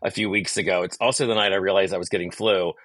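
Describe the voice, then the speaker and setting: A male comedian guest telling a gossipy story on a podcast, animated and quick to leap up in pitch when quoting others. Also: no room sound.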